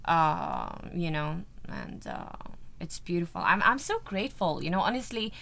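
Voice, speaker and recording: A woman with a European accent talks in a fairly low voice. She chats as an actress in an interview, gushing and sprinkling her talk with "like" and "you know". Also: huge pitch swings, normal speed, creaky, fairly bright tone. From Sweden. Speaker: actress guest. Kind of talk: casual interview chat.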